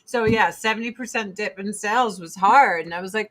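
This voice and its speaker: A woman's voice: mid-range voice, fairly even intonation, moderate pace, hardly any pauses, a bit bright. A woman in her forties hosting a casual livestream, ranting bluntly with profanity and mocking put-on quotes. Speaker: livestream host.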